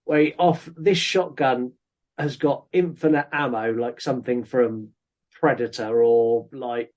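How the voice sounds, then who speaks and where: A man's voice: medium pitch, steady tone, measured pace, darkish tone. A man hosting a podcast, chatting casually about a film with many ums. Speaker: podcast host. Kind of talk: casual film review chat.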